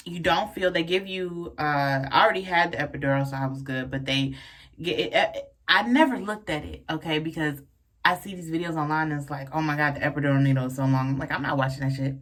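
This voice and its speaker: A young woman telling a personal story in a casual vlog, frank and profane, full of fillers and lively asides. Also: lowish voice. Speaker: vlogger telling a birth story.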